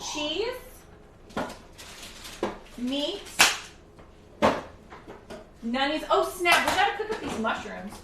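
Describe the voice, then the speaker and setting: A woman's voice: on the high side, reverberant, background noise. A woman hosting a casual charity live stream from her home kitchen. She chats while cooking, rambles, and greets viewers and reads their chat aloud.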